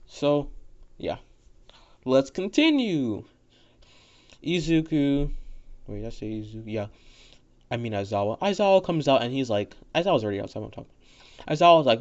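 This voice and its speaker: A man's voice: medium pitch, sing-song, normal speed, long pauses, a little mellow. Rambling, profane male storyteller. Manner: rambling, profane, full of fillers and restarts. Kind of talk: casual rambling fan-story narration. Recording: dull lo-fi audio.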